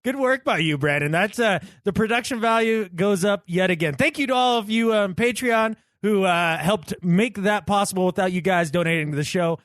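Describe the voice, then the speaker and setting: A man's voice: high-pitched, moderate pace, few pauses, fairly bright tone, dry recording, clean studio sound. A man co-hosting a sports podcast, talking in a casual, emphatic and sarcastic way. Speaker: podcast co-host.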